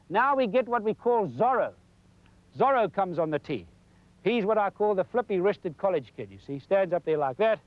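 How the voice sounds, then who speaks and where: Guy with a high voice teaching golf on old 90s tv, folksy and chatty, showing the moves as he goes. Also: no room sound, lo-fi sound. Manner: folksy, demonstrating while talking. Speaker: golf instructor. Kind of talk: televised golf lesson. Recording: 1990s television broadcast.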